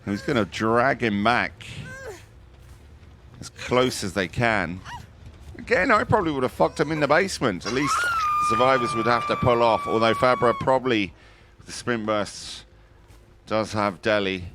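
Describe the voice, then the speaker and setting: A man giving live commentary on a competitive online match, chatty and jokey, breaking into excited high exclamations. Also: normal speed, background noise. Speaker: esports commentator.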